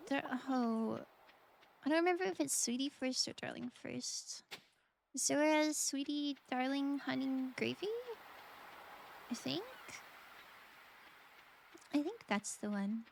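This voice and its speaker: A high-pitched woman chats slowly and playfully with her live-stream viewers, laughing often. Her voice has a gravelly fry at the ends of phrases, over faint background noise. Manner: playful, giggly, talks to chat. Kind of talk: casual live-stream chat while gaming.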